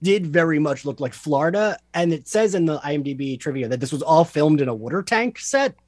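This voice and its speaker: Higher-voiced man in chatty podcast talk. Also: a little fast, dry recording. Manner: chatty, animated, acts out quotes. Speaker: podcast co-host. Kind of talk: casual film review chat.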